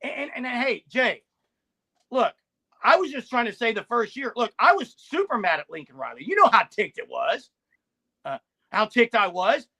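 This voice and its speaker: In this casual live-stream sports talk, a man co-hosting a podcast speaks at normal speed in a very high-pitched, very animated voice with vocal fry and a sharp edge. He sounds insistent and defensive, repeating words as he presses his point.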